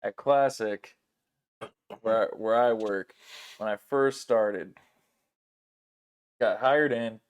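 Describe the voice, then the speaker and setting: With a clear, resonant, lowish voice, a podcast host speaks slowly and pauses often. His casual storytelling is animated and loaded with swearing, and he acts out each person he quotes.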